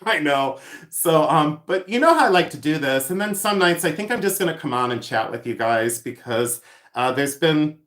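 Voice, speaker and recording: A man's voice: fairly high pitch, animated, normal speed, fairly bright tone. Giggly man chatting on a livestream, echoey room. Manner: giggly, rambling, lots of ums and laughs. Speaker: livestream host selling vintage jewelry. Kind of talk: casual livestream chat reading viewer comments.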